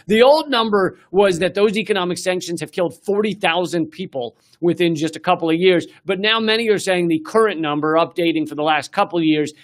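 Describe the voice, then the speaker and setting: A man hosting a comedy news show, delivering a sarcastic, profane political rant with lots of fillers and restarts. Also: on the high side. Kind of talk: ranting political comedy monologue.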